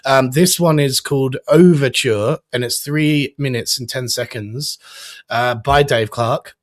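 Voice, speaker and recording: An excitable man hosts a live online show with loose, gushing chat full of "you know" and "mate". His voice is medium in pitch and sounds close and dry, with no room echo. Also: measured pace. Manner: enthusiastic, chatty, lots of fillers. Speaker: host.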